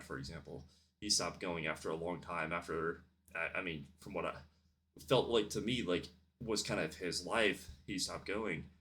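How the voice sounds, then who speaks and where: A young man with a very deep, low-pitched voice muses aloud in a personal vlog. He rambles thoughtfully, circling back with fillers and restarts as he works through his ideas. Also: sharp tone. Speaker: vlogger. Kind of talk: reflective personal monologue.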